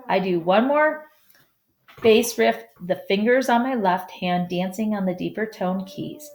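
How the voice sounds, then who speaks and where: A woman's voice: medium pitch, measured pace, darkish tone. A woman reading a first-person story aloud who stumbles over hard names, apologizes and makes asides. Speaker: audiobook reader.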